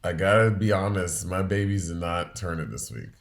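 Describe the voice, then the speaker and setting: A man's voice: sits low, fairly even intonation, normal speed, a little hiss or hum. Blunt, profane man. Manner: laughs often, blunt and profane. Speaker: podcast co-host. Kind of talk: casual chat.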